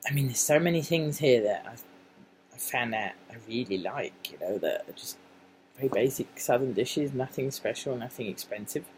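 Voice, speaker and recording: English vlogger, casual ramble, mid-pitched, lots of asides and restarts, faint background noise. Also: poor audio. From England. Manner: chatty, wandering, frequent restarts and asides.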